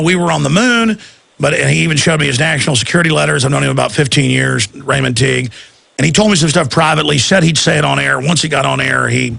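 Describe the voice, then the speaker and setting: A man's voice: mid-range voice, creaky, pushed and bright, slightly rough, no echo. A man hosting a talk radio show, asking rambling, intense questions full of restarts.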